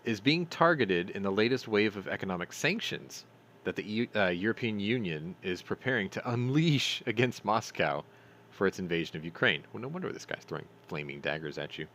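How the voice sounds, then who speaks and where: A man's voice: fairly low pitch, lively intonation, fairly quick, fairly bright tone, slight background noise. A man hosting a news commentary stream, reading articles aloud and adding sarcastic, profane remarks, stumbling over names.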